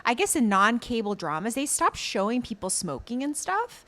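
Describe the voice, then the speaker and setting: Lively woman chatting on a podcast. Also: on the high side, moderate pace. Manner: animated, many fillers and laughs. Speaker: podcast co-host. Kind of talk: casual chat recapping a drama.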